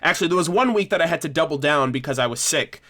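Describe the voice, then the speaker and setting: A man's voice: a little high, lively intonation, fast talker, pushed and bright. A young man hosting a casual livestream discussion, rambling with many restarts as he thanks viewers. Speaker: livestream host.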